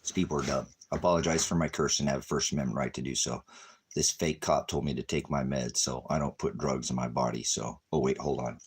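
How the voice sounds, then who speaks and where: A man ranting at his viewers on a livestream, cursing and taunting them, swinging between shouting and low muttering. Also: fairly even intonation, fast, husky. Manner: angry, cursing, taunting, repeating insults. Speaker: ministry livestreamer. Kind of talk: profane livestream rant at viewers.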